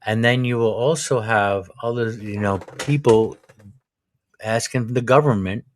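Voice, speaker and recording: A man's voice: medium pitch, a little slow. A man hosting a casual live stream chat, bantering and laughing, with many restarts. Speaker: host.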